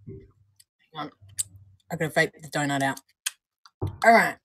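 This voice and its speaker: Slow-talking woman on a chatty live stream. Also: low voice, lively intonation, fairly bright tone, slight background noise. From Australia or New Zealand. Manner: chatty, unhurried, trails off and laughs often. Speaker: co-host of a vape review stream. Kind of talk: casual live-stream chat.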